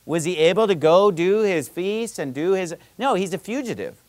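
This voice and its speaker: A man preaching a sermon in an animated, conversational way, full of rhetorical questions and quoted scripture. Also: sits high, moderate pace, no echo. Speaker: pastor.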